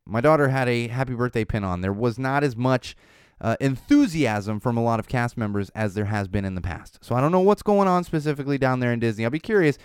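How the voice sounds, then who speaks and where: A man in his thirties hosting a casual solo podcast, telling stories and ranting with animated ups and downs and muttered asides. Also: mid-range voice, brisk, smooth, no room sound, studio quality. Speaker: podcast host.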